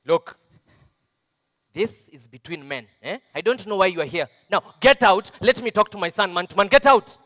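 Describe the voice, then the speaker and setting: An actor playing an abusive, self-pitying drunk husband, on stage, blustering and defensive, with constant "eh?" interjections. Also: male voice, on the high side, sing-song, moderate pace, a bit bright, no room sound, clean studio sound, big-room sound. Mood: commanding. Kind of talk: stage play monologue. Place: festival stage.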